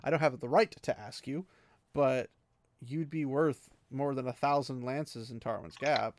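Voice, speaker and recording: A man's voice: mid-range voice, fairly even intonation, unhurried, slight background noise, natural voice. A man casually voicing a stern, aging warrior lord while retelling a story. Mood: earnest. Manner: casual paraphrased quoting.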